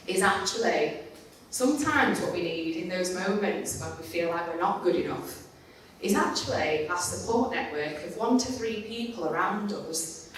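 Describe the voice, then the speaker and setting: Woman conference speaker, candid, self-deprecating storyteller who swears freely. Recorded in a reverberant hall from some distance, with faint room noise behind. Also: medium pitch. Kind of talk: storytelling talk. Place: conference stage in a large hall. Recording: echoey hall, mic at a distance.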